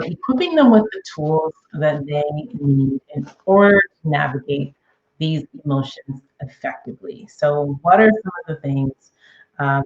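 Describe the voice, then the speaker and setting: Mom-type woman chatting parenting tips, keeps saying okay?, kinda dull lo-fi sound. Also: sits low. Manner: chatty, frequent "okay?" and "um" check-ins. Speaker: parenting podcast host. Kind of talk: casual advice talk.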